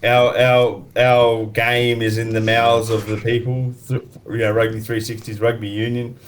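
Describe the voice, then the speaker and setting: A man's voice: medium pitch, little pitch movement, unhurried. A man on a panel, laid-back and cheeky, talking in slangy banter. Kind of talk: casual banter.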